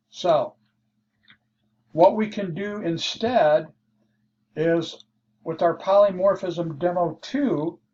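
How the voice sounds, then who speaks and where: A man teaching a programming lesson, walking through code slowly and thinking aloud as he explains. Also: a little high, a little mellow. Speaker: programming instructor. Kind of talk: screen-share coding lesson. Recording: dull lo-fi mic with faint hiss.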